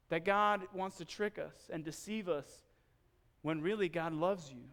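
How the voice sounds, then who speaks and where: Preaching in church, a man with a high-sitting voice and clean tone tells a personal story with lots of energy, physically playing out the scenes as he goes.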